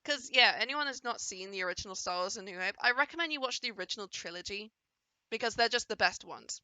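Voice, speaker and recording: Bright, chatty woman gaming commentator. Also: medium pitch, animated, fast talker, no room sound. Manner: chatty, enthusiastic, playfully voicing the characters. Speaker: gaming video creator reacting to a trailer. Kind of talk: casual commentary over a game trailer.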